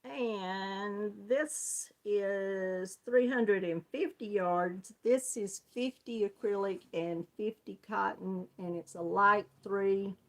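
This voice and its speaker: A woman's voice: mid-range voice, slow, hardly any pauses. A woman with a Southern US accent hosting a casual live crochet chat, greeting viewers by name and laughing often. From Georgia, US. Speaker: crochet channel host.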